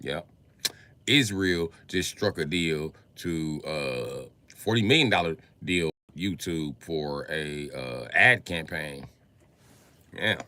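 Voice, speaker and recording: Male streamer, solo rant, very bright edgy tone, swings between a mutter and shouting, dry close sound. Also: animated, slow pace, dry recording. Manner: profane, ranting, swings from low muttering to loud shouting. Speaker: livestream host. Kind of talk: livestream monologue.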